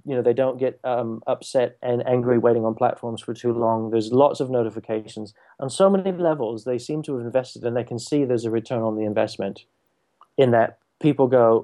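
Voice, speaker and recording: A man's voice: mid-range voice, fairly even intonation, a little fast, dark tone. A man hosting a podcast, chatting casually in a thoughtful, wry way and often repeating words. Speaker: podcast host. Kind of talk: casual conversation.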